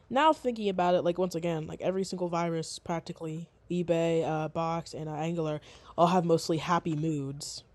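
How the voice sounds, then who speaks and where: A young woman rambling through casual commentary on a Roblox game, swearing often and jumping from squeaky highs to low mumbles. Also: darkish tone, no echo.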